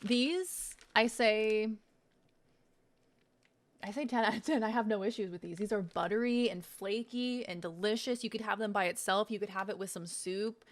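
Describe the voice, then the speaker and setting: This young woman streams an unboxing, sampling snacks as she chats casually, swears plenty, laughs and talks while eating. She has a mid-range voice and keeps a moderate pace.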